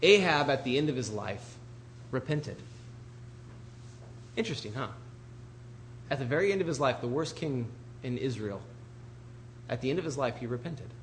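A man teaching from the Bible in a loose, conversational manner, full of asides and restarts. His voice sits at an ordinary middle pitch. A faint hum runs under the recording. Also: lively intonation, normal speed, long pauses. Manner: informal storytelling with asides and restarts. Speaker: preacher.

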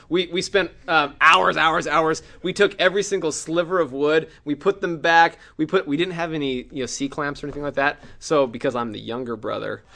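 A middle-aged man preaching a sermon, telling a personal story with acted-out cries and shouts. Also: fairly high pitch, gravelly.

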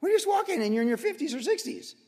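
A man in his sixties preaching a sermon, telling everyday stories in a loose conversational way with quick asides. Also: very high voice, sing-song, darkish tone. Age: 60s. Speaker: pastor. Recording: long hall reverb.

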